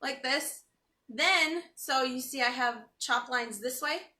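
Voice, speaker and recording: A woman's voice: sits high, takes it slowly, sharp tone, distant mic. A woman hosting a casual live cooking stream from her home kitchen, joking and chatting as she works with teary eyes. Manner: chatty and joking, reads viewer comments aloud. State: teary from chopping onions. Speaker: cooking show host. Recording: echoey kitchen, off-mic.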